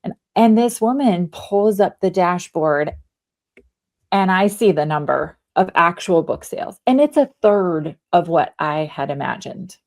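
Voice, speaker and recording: Woman, forties, podcast guest; chatty and animated, acts out her own thoughts mid-story. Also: fairly low pitch, a little slow. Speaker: guest, author and leadership coach. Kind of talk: casual podcast interview.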